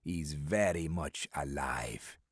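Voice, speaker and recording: A man voicing a burly, cagey older foreign businessman with a thick, clipped Eastern European accent, speaking slowly and deliberately. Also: very deep voice, no room sound, studio quality, heavily acted. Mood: cagey, insistent. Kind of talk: audiobook character voice.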